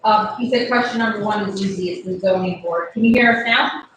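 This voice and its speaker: Faltering woman commission member, far from the mic in a boomy meeting room, faint background hiss. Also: brisk, a bit bright. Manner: hesitant, many fillers and restarts. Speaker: planning and zoning commission member. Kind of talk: casual meeting discussion. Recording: very echoey room, distant mic, faint noise.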